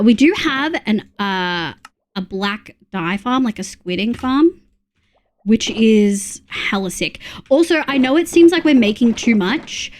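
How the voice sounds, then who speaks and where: A woman's voice: medium pitch, a little hiss or hum. A woman from Australia streaming a game, counting items under her breath between chatty asides to her viewers. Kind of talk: casual gameplay chat with chat readers.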